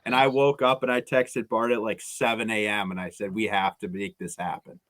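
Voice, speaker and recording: A man's voice: lowish voice, level tone, a little fast, a bit bright. A man co-hosting a podcast, reading out listener questions and dropping wry asides. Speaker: podcast co-host. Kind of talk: casual podcast banter.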